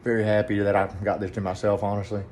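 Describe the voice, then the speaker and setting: A man with a Southern US accent, talking quietly and rambling in a casual vlog from a hotel room. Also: lowish voice, little pitch movement, quick pace, a little hiss or hum. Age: adult, family man with kids. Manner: rambling, hushed so neighbors won't hear. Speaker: vlogger, trucking trainee.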